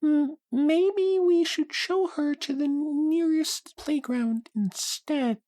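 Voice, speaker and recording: A man voicing a shy, gentle pony girl who talks timidly and stammers. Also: very high voice, takes it slowly, no room sound, pitched above the performer's own voice.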